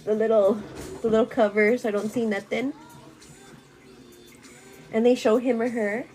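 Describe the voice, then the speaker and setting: Bubbly high-voiced woman chatting. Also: steady tone, moderate pace, a little mellow, soft background music, rough recording. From Mexican-American. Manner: bubbly, laughs often, mixes in Spanish words. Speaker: beauty vlogger. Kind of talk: casual chat.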